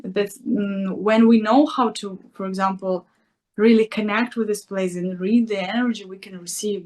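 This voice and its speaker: Halting woman talking spirituality. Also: mid-range voice. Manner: halting, searching for words. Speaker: spiritual teacher. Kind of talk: casual spiritual talk.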